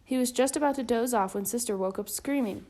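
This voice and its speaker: Lady reading a kids book out loud, kinda high voice, gentle and even. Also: brisk. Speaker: storybook reader. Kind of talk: reading a children's book aloud.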